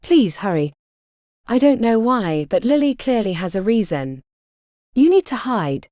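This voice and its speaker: A woman's voice: fairly high pitch, very animated, measured pace, dark tone, no echo, clean studio sound. A woman voicing a loyal, headstrong young witch nurse who talks bluntly and urgently, in an audiobook.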